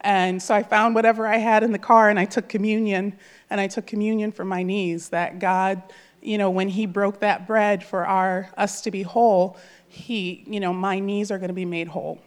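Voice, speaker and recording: A woman's voice: mid-range voice, fairly even intonation, moderate pace. A woman in her thirties giving an emotional, earnest personal testimony at church, speaking from the heart with many fillers. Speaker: church member sharing a testimony.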